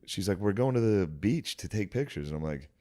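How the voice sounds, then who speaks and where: A man co-hosting a podcast, dropping wry deadpan jokes and quick one-liners. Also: on the low side. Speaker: podcast co-host. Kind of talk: casual chat.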